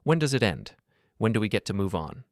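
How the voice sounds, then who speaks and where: A man's voice: on the low side, sing-song, fairly quick, a little mellow, no echo, studio quality. A man voicing a tired, guilt-ridden adult daughter in a storybook narration, in a pleading, weary manner. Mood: tearful.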